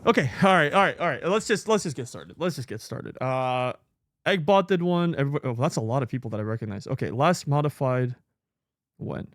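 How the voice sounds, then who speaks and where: A man hosts a live stream, chatting casually while he sorts files, muttering in a scattered way and swearing freely now and then. His mid-range voice is a bit bright with lively intonation, and he talks fairly quickly. The recording is dry, with clean studio sound.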